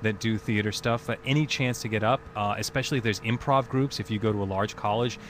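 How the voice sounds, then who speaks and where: A voice actor with a fairly low voice talks fast while taking fan calls over a webcam video chat, with noisy background. He's relaxed and thoughtful in casual conversation, filling it with lots of ums and uhs.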